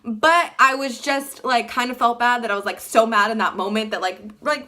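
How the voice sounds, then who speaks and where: A young woman telling a personal story to camera in casual chat, animated and full of "like", acting out what people said. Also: a little high, moderate pace. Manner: animated, fillers like "like" throughout, acts out quotes. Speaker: vlogger.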